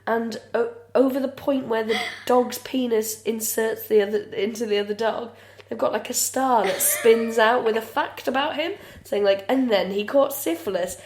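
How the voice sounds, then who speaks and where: A woman's voice: a little high, fairly even intonation, moderate pace. Sweary woman with roomy echo. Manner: frank, sweary, dry. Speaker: podcast co-host. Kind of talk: casual comedic chat.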